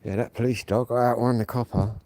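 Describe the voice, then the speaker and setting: A man's voice: mid-range voice, fairly even intonation, a little fast, a little mellow, slight background noise. An English man chatting bluntly in slang as he films a walk-and-talk vlog outdoors at night. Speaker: vlogger. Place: outdoors at night walking, then indoors at home.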